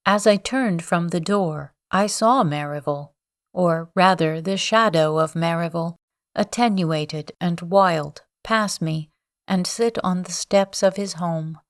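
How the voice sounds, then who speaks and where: A woman reads a classic novel aloud as a sleep story, unhurried and low-pitched. Her measured delivery sits close and dry, with no room echo. Each phrase is given plenty of space. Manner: slow, calm, measured reading. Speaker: audiobook reader.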